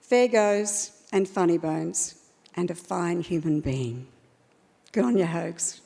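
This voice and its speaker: An Australian woman presenting a scripted award tribute in a measured, warm reading. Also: on the low side, lively intonation, vocal fry. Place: large ceremony hall. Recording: long hall reverb.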